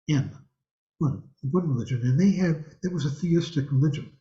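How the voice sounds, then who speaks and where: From his home, with a thangka hanging behind, an older man runs an online dharma class, speaking in a rambling, chatty way and posing questions to participants. He has a warm, medium-pitched voice. The video-call sound is roomy and a little dull.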